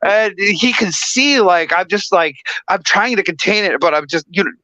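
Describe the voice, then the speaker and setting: Energetic, bright-voiced man telling stories. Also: high voice, normal speed, no room sound. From Michigan. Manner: energetic, excitable, acts out voices. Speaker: guest. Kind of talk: casual chat, storytelling.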